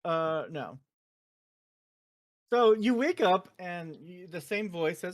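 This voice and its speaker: A woman's voice: on the low side, unhurried. A woman hosting a casual podcast, telling the story of a video game scene by scene. She swears freely and leans on fillers as she goes. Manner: profane, animated storytelling with many fillers. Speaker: podcast host.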